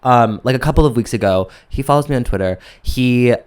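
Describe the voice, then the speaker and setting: Male podcast co-host, chatty storyteller, clear smooth voice, mid pitch. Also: brisk, darkish tone. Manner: chatty, gossipy, lots of "like". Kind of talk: casual chat, storytelling.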